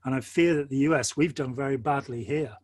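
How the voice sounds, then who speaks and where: A man's voice: mid-range voice, brisk, a little mellow, no room sound. An older man with an English accent, talking earnestly and at length in a discursive conversation, with many quotes and asides along the way. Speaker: host.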